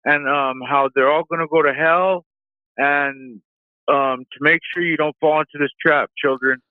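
A man's voice: fairly high pitch, steady tone, moderate pace, dry recording. A man calling in to a talk show, rambling with many ums and you-knows. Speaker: caller. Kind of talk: phone call-in rant. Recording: phone line.

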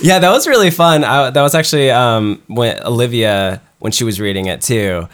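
Woman host, really low voice but lively swings, relaxed agreeable podcast chat. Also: moderate pace. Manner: relaxed, agreeable, laughs along.

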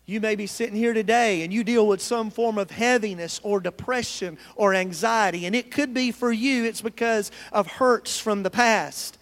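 A man's voice: sits high, fairly even intonation, normal speed, few pauses, fairly bright tone, big-room sound. A man from the United States preaching a sermon in a church, earnest and calling out to his congregation. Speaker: pastor. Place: church sanctuary.

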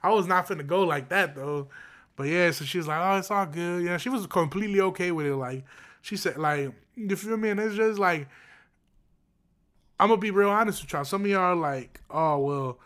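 Young man, slightly raised pitch, profane and animated, a casual storyteller. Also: fairly quick. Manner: animated, profane street slang, frequent "bro" and "you feel me". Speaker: property manager.

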